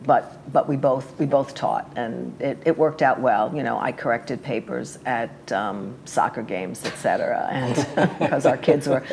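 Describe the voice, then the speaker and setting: A woman's voice: very deep voice, a little slow, gravelly, hardly any pauses, a little mellow, a little hiss or hum. An older woman, a guest in a casual interview, chatting about her life in a rambling way with fillers and small laughs.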